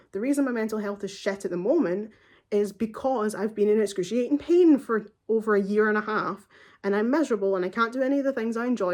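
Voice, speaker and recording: A woman in her twenties tells a story straight to her viewers in a casual, heated way. She swears freely and slips into quoted back-and-forth, playing both herself and the other person. Her pitch sits in an ordinary middle range for a woman. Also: a little mellow. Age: 20s. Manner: heated, swears often, acts out both sides of a conversation. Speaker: vlogger.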